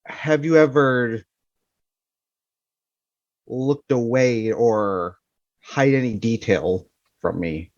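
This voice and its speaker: A man's voice: mid-range voice, extremely slow, long pauses, no echo, muffled recording. A man playing an anxious husband and father in a tabletop role-play, probing and earnest with a shaky edge. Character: anxious husband and father confronting his wife.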